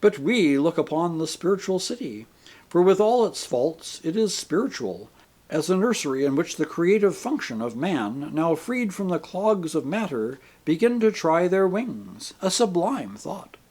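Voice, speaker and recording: A man's voice: fairly high pitch, sing-song, measured pace, darkish tone. A man reading the part of a fat, cultured passenger who lectures in a lofty, pompous way. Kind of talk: audiobook character reading.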